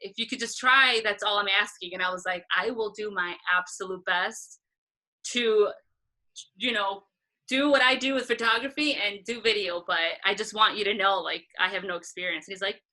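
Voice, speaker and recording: Bright animated woman telling a story. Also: mid-range voice, normal speed, poor audio. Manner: animated, acts out quoted voices, laughs often. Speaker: interview guest, concert photographer. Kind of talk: casual storytelling interview.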